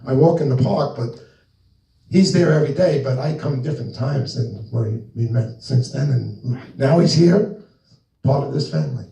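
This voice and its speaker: A man's voice: mid-range voice, moderate pace, vocal fry, dark tone. A man from New Jersey giving an informal spiritual talk to a live audience, rambling and acting out bits of dialogue as he tells stories. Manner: storytelling, rambling, acts out dialogue. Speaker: speaker presenting his book. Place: meeting room with audience. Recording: roomy echo, mic at a distance.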